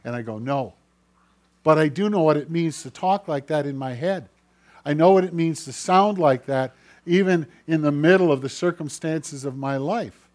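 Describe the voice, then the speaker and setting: A man preaching a sermon as pastor, swinging between loud, declaiming passages and hushed, low ones. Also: moderate pace.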